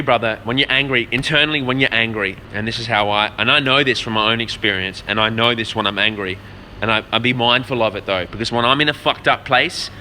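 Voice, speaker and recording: A man's voice: fairly low pitch, bright, forceful tone. A young man vlogging in casual, rambling talk, swearing freely and calling the listener "man" and "bro". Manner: rambling, profane storytelling with lots of "man" and "bro". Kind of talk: casual vlog chat. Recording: faint background noise.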